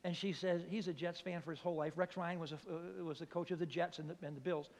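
An older man preaching in a church, telling a comic story with lively acted-out voices. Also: a little high, quick pace. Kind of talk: storytelling sermon. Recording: long hall reverb.

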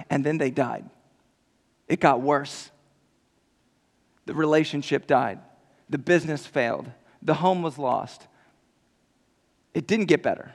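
A man preaching a sermon in a large room, impassioned, swinging from loud cries to hushed musing. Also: a little high, animated, measured pace, gravelly, long pauses. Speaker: pastor. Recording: long reverb in a large hall.

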